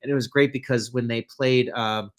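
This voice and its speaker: A man's voice: medium pitch, fairly even intonation, normal speed. A man co-hosting a live shopping stream, easygoing and jokey, chatting with viewers and his co-host. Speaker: co-host of a livestream show. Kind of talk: casual live shopping chat.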